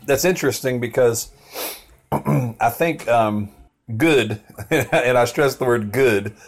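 A man's voice: mid-range voice, takes it slowly. A man hosting a podcast, talking casually with hesitations and fillers. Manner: hesitant, clears throat, fillers. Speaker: podcast host.

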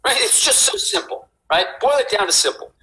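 An extremely high-pitched man talks briskly as a podcast guest, explaining movement as a fitness inventor. He is animated and forceful, swears, and keeps asking "right?", all captured on poor audio.

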